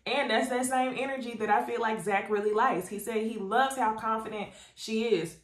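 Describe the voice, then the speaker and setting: A woman's voice: fairly high pitch, normal speed, reverberant. A woman giving a casual, chatty recap of a reality TV episode, talking straight to her viewers. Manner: chatty, animated, addresses viewers as y'all. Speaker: YouTube reality TV reviewer. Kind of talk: casual recap commentary to camera.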